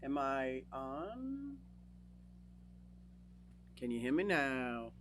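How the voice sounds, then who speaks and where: A woman's voice: very deep voice, very animated, drawn-out words, slight background noise. A middle-aged woman hosting a casual livestream from her home fish room, greeting viewers by name in a bubbly, chatty way. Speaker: livestream host. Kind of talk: casual livestream chat, reading out viewers' names.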